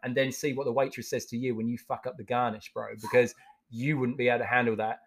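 A man's voice: medium pitch, fast talker. A man in his forties, a chef guest on a podcast, telling blunt, profane stories and acting out what people said. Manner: blunt, profane, animated storyteller acting out quotes. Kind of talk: casual storytelling chat.

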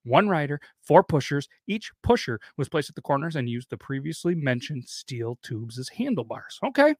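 A man's voice: on the high side, big pitch swings, moderate pace, slightly rough, no room sound, studio quality. A man in his thirties hosting a podcast, reading a listener's story aloud and rambling off into chatty asides. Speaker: podcast host.

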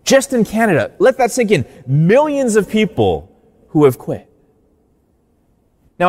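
A man's voice: high-pitched, in a large hall. A man, a Catholic priest, giving a sermon in a conversational storytelling way.

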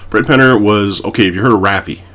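This young Canadian man's voice is on the low side and fairly bright, and he talks fast. As a podcast co-host, he chats casually, rambling through long stories with plenty of fillers.

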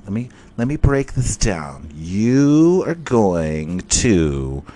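A man's voice: fairly low pitch, sing-song, very slow, dark tone, exaggerated voice. A man voicing a skeptical, exasperated wife who sarcastically questions her husband. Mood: incredulous. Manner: incredulous, sarcastic.

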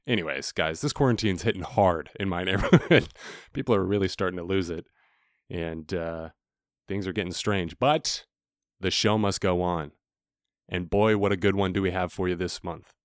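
A man's voice: low-pitched, dry recording, studio quality. A young man hosting a podcast, telling a casual, laughing story full of swearing. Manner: laughing, animated storytelling with profanity. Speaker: podcast host.

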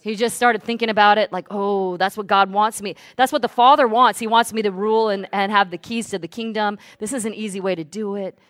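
A woman pastor preaching a sermon. She swings from hushed asides to loud, fervent declarations. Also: mid-range voice, fairly even intonation, fairly quick, few pauses, no echo. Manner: speaks in tongues at full volume.

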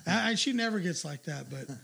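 Crude, profane male stream host; high, gravelly voice, rants. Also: lively intonation, a little fast. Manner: profane, ranting, loud asides. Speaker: livestream host. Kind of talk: crude casual storytelling.

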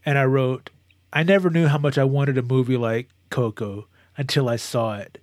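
A man chatting casually as a co-host, telling a long, animated story with many restarts and moments of emotion. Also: medium pitch, moderate pace, no room sound, clean studio sound. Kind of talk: casual chat.

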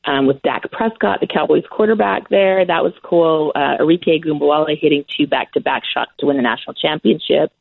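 A woman's voice: sits low, a little fast, creaky, few pauses, no echo. A middle-aged woman, a sports broadcaster, telling stories with enthusiasm in a casual interview and laughing often. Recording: tinny phone-like line.

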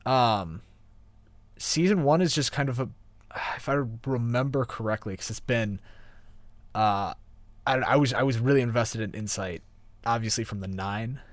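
A man's voice: mid-range voice, a little slow, pauses often, dry recording. A young man chatting casually about an anime, easygoing and hesitant, with many fillers. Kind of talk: casual anime review chat.

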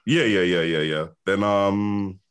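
A young man, a podcast guest chatting in a relaxed, slangy way and agreeing readily. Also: on the low side, takes it slowly, clean tone. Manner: laid-back, slangy, agrees a lot. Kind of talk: casual chat.

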